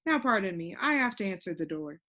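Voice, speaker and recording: A woman voicing a fussy, scatterbrained, ordinary-sized man who rambles in a bright, raised voice. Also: mid-range voice, sing-song, brisk. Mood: cheery.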